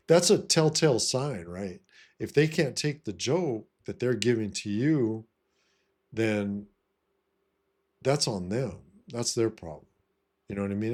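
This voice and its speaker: A man's voice: fairly low pitch, a little mellow. A man talking casually to camera, blunt and profane, who keeps saying "you know what I mean". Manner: blunt, swaggering. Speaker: vlogger giving life advice. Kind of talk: casual monologue.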